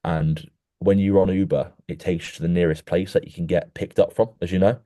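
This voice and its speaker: Young podcast host, low-pitched, animated rambling storyteller, dry close sound. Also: male voice, brisk, no echo. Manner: animated storyteller, many restarts, keeps saying "mate". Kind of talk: casual chat.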